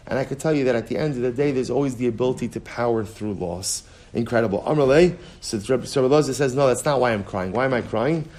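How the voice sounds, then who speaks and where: Earnest rabbi teaching a Talmud class. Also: male voice, mid-range voice, darkish tone. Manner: reads Aramaic phrases then translates, repeats key lines for emphasis; rises in intensity when driving home a point. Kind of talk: Talmud lesson, explaining text aloud.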